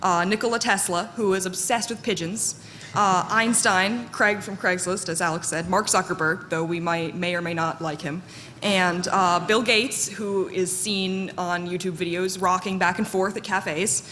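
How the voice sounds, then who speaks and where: A woman giving a live conference talk in a fairly monotone, candid and self-deprecating way, with plenty of fillers. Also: on the low side, normal speed. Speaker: conference speaker. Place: conference hall. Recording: echoey hall with faint noise.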